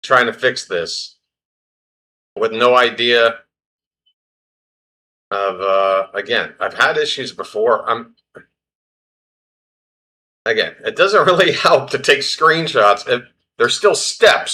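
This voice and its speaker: A man hosting a baseball livestream, flustered and self-deprecating, muttering his way through the play-by-play. His voice is bright and forward, pitched at an everyday middle. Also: animated, slow, pauses often. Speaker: baseball stream host. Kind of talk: casual live play-by-play.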